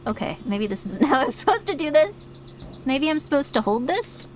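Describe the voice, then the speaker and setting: A woman streaming a game, talking in a chatty, playful way, easily startled and soft when guiding a breathing exercise. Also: high-pitched, big pitch swings, normal speed, slight background noise. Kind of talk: casual game commentary.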